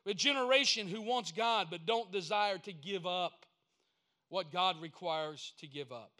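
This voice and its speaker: High, bright-voiced preacher. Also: male voice, unhurried. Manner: folksy storytelling preaching, rising to emphatic points. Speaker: pastor. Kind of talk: sermon.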